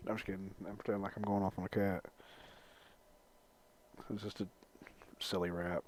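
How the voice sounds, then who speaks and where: A man's voice: sits low, flat delivery, normal speed, pauses often, a little hiss or hum. A man vlogging in a casual ramble, profane and joking as he goes. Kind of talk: casual rambling vlog talk.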